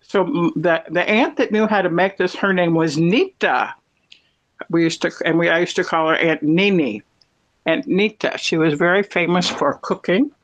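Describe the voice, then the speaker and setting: A woman's voice: lowish voice, normal speed, dull audio. Rambling woman chatting from home. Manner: rambling, digressive storytelling while eating. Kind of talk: casual chat. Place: at home in her apartment.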